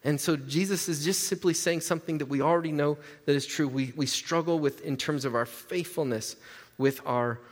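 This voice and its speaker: A man's voice: a little high, moderate pace, big-room sound. A man preaching a conversational sermon, casual and joking, tossing rhetorical asides to the congregation. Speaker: pastor.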